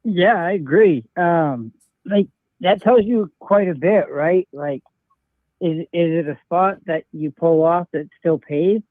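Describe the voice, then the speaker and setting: A male caller heard over a narrow, phone-like line with a dry sound. His voice sits a bit high for a man, and he turns things over slowly as he speculates. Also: dry recording.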